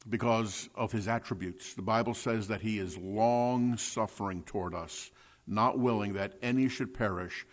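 A man preaching a sermon as a pastor, teaching from scripture with repeated words and shifts between soft asides and louder points. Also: fairly low pitch, moderate pace.

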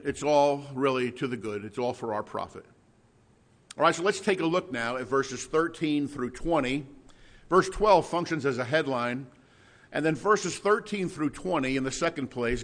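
A man preaching an expository sermon in an earnest, conversational way, sometimes clearing his throat. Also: mid-range voice, fairly bright tone.

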